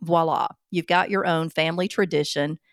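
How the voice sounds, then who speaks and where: A woman's voice: low-pitched, fairly even intonation, normal speed, dry recording, clean studio sound. A woman hosting a podcast and answering listener questions in a chatty, self-deprecating way, with frequent ums. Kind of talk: casual chat.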